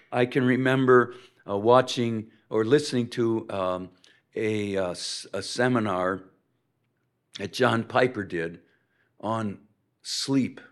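A man giving a sermon-style lecture to a seminary class, hoarse and coughing often, speaking haltingly with many pauses and restarts. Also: fairly low pitch. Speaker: preacher teaching a seminary class.

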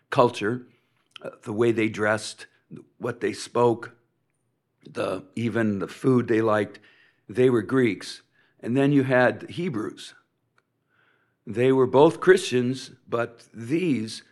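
A man giving a sermon-style lecture to a seminary class, hoarse and coughing often, speaking haltingly with many pauses and restarts. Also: on the low side. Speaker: preacher teaching a seminary class.

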